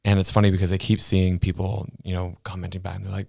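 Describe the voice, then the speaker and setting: A man co-hosting a podcast, explaining ideas in a relaxed, casual way and laughing often. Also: low-pitched, quick pace, creaky, slight background noise. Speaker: podcast co-host. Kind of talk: casual political chat.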